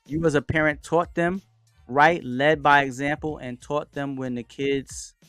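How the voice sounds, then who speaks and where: A man's voice: fairly high pitch, a little slow, clean tone, no echo. Guy hosting a live stream, laid back, chats and reads out comments, dry sound, a little music in the back. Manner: reads out and answers viewers' chat comments; relaxed, chatty, with frequent fillers and shout-outs. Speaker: livestream host. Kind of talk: casual livestream chat.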